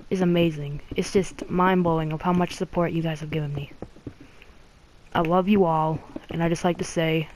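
A gaming channel host in a casual thank-you video to subscribers, gushing and filling every pause with "like" and "oh my god". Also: mid-range voice, a little mellow, poor audio. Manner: gushing, filler-heavy, repeats "like" and "oh my god".

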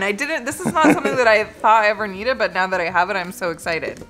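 A woman co-hosting a casual unboxing chat, excitable and gushing, laughing often. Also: mid-range voice, fast, few pauses, soft background music. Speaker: co-host.

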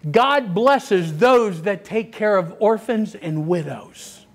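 An older man preaching a sermon, telling stories with lively energy and sudden shouts. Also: high-pitched, takes it slowly. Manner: animated storytelling, acts out children's voices, bursts into shouts. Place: church sanctuary.

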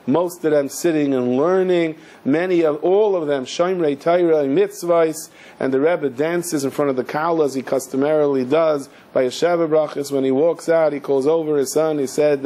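A rabbi telling a story in a sermon, lively, moving between narration and acting out the characters. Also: male voice, a little high, normal speed, a little hiss or hum. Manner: animated, acts out the characters in a story.

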